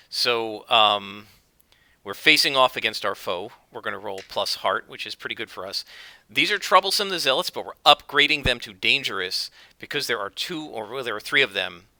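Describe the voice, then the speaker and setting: Narrating his own solo tabletop game as both game master and player, a man thinks aloud and explains his dice rolls, with frequent fillers and corrections. His lowish voice is pushed and bright, with no echo.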